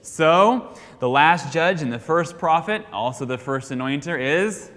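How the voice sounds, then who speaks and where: An American man leads a church class in a quiz-style review, pausing mid-sentence so the group can call out the answer. His voice sits a bit high and sounds bright and forceful. A long hall reverb trails behind each phrase. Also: lively intonation. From United States. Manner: quizzing, leaves sentences hanging for the class to finish. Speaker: Sunday school teacher. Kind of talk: question-and-answer Bible review.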